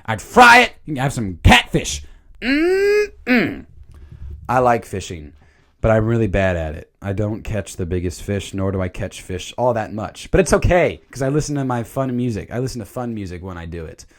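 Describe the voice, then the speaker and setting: A man casually rambling through a cartoon movie review, animated, with filler words and mild swearing. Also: fairly low pitch, brisk. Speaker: channel host.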